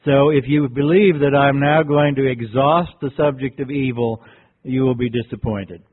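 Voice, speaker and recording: A man presenting at a workshop, giving a reflective lecture and telling a teaching story in a measured, deliberate way. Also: medium pitch, fairly even intonation, breathy edge. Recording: tinny phone-like recording.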